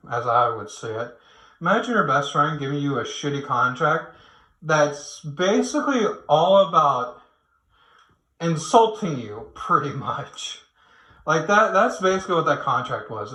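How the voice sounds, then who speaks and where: A man with a slightly high, bright, pushed voice rants casually about his opinions late at night at home. This online commentator rambles, swears, and keeps restarting, and the room he's in sounds echoey.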